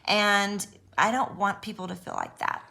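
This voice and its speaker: Nervous, earnest woman with a bright voice. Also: mid-range voice, wildly swooping pitch, moderate pace, vocal fry. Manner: nervous, earnest, reassuring, with many fillers. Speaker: YouTuber speaking on abuse recovery. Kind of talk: unedited personal vlog talk.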